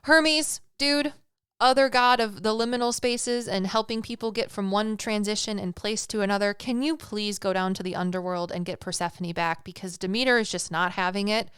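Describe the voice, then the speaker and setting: A woman's voice: medium pitch, moderate pace, fairly bright tone, smooth, no echo, studio quality, natural voice. A woman voicing a laid-back male king of the gods who talks like a casual dude and shrugs off what he has done. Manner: slangy, offhand, excuses himself.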